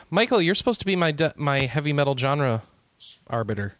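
A man's voice: fairly high pitch, very animated, moderate pace, fairly bright tone, no echo. A man hosting a gaming podcast in casual chat, joking and rambling, laughing easily. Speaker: podcast host.

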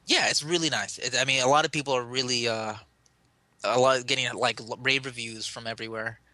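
Podcast co-host, male, bright and forceful, eager rambler who fixes his slips on the fly, dry close mic. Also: medium pitch, steady tone, fairly quick, no echo. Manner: rambling, self-correcting, enthusiastic. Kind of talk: casual chat about games.

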